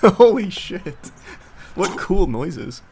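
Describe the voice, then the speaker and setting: A man's voice: high voice, sing-song, drawn-out words, warm tone, a little hiss or hum. Sarcastic, profane male commentator. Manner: sarcastic, profane, mocking banter. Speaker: commentary host. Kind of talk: casual reaction commentary.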